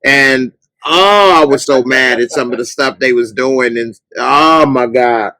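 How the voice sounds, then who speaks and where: Animated man ranting casually, dry mic. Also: mid-range voice, measured pace, no room sound, low-quality recording. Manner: animated, yells mock rants at TV characters. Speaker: podcast host. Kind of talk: casual chat.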